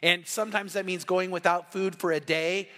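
A middle-aged male pastor with a high, bright, ringing voice, preaching in a conversational, storytelling way. His words carry a long reverb from a church sanctuary. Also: steady tone, normal speed. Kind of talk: sermon.

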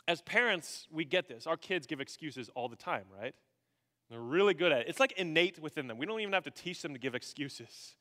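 A man preaching a sermon in a long-echoing hall, his voice bright and forceful. He is animated and dramatic, jumping from loud bursts to hushed, heavy emphasis. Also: a little high, brisk. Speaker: pastor.

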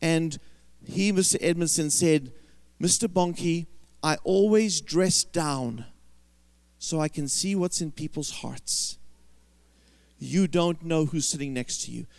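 A man's voice: on the high side, takes it slowly, long pauses, no room sound. A British man preaching a sermon, telling a story and acting out the voices of the people in it. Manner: animated, acts out quoted voices.

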